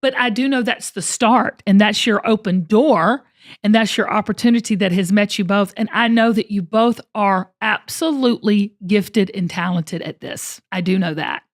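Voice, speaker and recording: A woman's voice: mid-range voice, normal speed. A middle-aged woman, hosting and coaching her guests, earnest and emphatic, often repeating words as she presses a point. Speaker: host and coach. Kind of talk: encouraging coaching talk.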